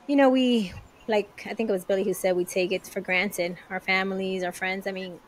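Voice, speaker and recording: A woman's voice: medium pitch, poor audio. A woman co-hosting a podcast, chatting casually and laughing easily. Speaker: podcast co-host. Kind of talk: casual conversation.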